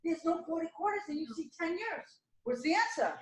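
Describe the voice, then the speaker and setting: A woman teaching an insurance licensing class, drilling terms over and over and firing questions at her students. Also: very high voice. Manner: animated, repetitive drilling with quick questions to students. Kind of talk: classroom exam-prep lecture.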